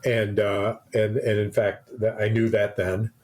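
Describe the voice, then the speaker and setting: A man's voice: on the low side, completely flat delivery, a little slow, darkish tone. A man co-hosting a podcast, telling a rambling story in casual chat with many restarts. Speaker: podcast co-host.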